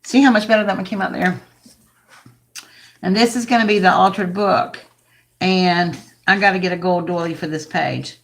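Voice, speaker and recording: Hoarse, raspy older woman with a lilt. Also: on the low side, normal speed, pauses often. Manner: chatty, rambling, talks to viewers by name. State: hoarse, losing her voice. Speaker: craft livestream host. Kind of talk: casual craft livestream chat.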